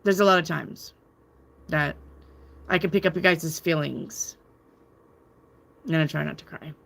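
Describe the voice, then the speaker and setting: A woman hosts a live tarot channel, chatting candidly and casually as she reads viewer comments aloud and swears freely. Her deep voice is creaky and fairly bright, and she speaks a little slowly.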